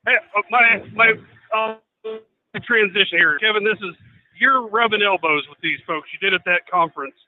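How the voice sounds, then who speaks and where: A man with a high voice talks casually on a live stream. He gets animated and climbs higher as he warms up. The line is thin and phone-like. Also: normal speed, dry recording, soft background music. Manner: animated, rising in pitch when worked up. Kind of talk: casual talk show banter.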